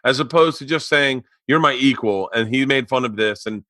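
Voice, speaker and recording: This podcast host is a man with a medium-pitched voice who tells stories in a bright, animated way during casual chat. He talks at a normal speed, and the studio recording is clean with no echo.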